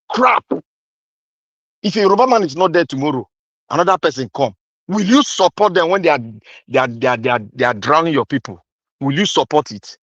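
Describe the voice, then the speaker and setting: A man's voice: fairly high pitch, fairly bright tone, no echo, dull audio. Angry Nigerian man in a political rant. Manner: angry, accusing, repetitive; mixes in pidgin. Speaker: commentator.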